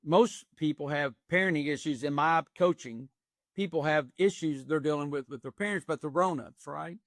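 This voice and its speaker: A man in his sixties with a somewhat high voice tells stories in a plain, earnest way, full of folksy turns of phrase. The sound is dry and close, with no room echo. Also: moderate pace. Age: 60s. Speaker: executive coach. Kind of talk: podcast interview.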